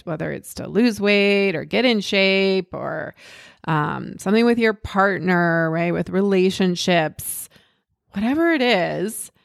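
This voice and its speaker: A woman's voice: mid-range voice, no room sound, studio quality. A woman coach giving a candid, motivational pep talk, swearing freely and checking in with "right?".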